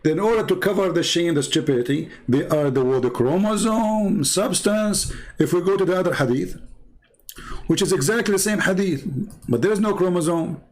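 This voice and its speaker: Insistent man debating, slightly high voice. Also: lively intonation, normal speed, a little mellow. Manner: insistent, repeats himself, reads texts aloud and translates. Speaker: debate host. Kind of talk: heated religious debate.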